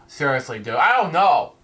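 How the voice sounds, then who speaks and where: Halting male comic reviewer reading panels aloud, fairly high pitch, slow delivery with restarts. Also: bright, forceful tone. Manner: halting, stumbling over words and restarting.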